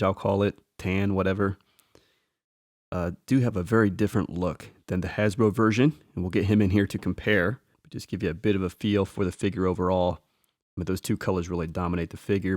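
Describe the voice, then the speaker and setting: A man casually talking through a toy figure as a reviewer, relaxed and enthusiastic, thinking aloud as he points out details. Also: deep voice, no room sound, clean studio sound. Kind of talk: casual show-and-tell commentary.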